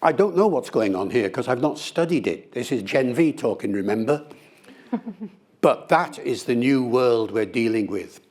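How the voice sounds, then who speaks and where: At a normal speed, an older man who is a linguist chats easily with an interviewer in a medium-pitched voice. Full of animated flair, he demonstrates his points playfully.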